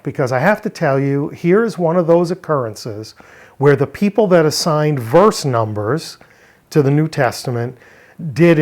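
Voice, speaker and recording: A man's voice: a little high, darkish tone. A man teaching a verse-by-verse Greek word study, explaining step by step and posing rhetorical questions. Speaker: Bible language teacher.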